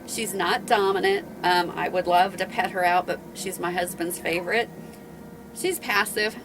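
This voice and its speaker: A woman's voice: fairly low pitch, steady tone, normal speed, background noise. A middle-aged woman and dog breeder chatting casually on her home video, rambling and a bit out of breath. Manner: rambling, chatty, with many restarts and fillers.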